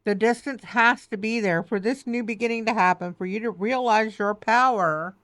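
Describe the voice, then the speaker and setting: A woman's voice: fairly high pitch, normal speed, a bit bright, no room sound. A woman reads tarot to her listener, her voice tearful and close to breaking. She comforts and urges by turns, repeating phrases and checking in with "okay?". The sound is dry and close, with no room around it. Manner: emotional, reassuring, repetitive, says "okay" and "baby". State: close to tears. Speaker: tarot reader. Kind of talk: spoken tarot reading.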